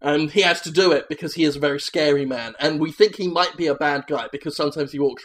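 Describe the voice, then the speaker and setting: Comedy host, male, slightly high voice, rambling deadpan improv delivery. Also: quick pace, few pauses. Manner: rambling, deadpan absurd pitch meeting.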